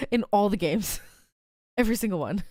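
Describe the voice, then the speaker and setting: A woman's voice: mid-range voice, lively intonation, normal speed, a little mellow, dry recording, clean studio sound. A woman streamer reacting live to a fan game, exclaiming often, laughing and sighing between her remarks.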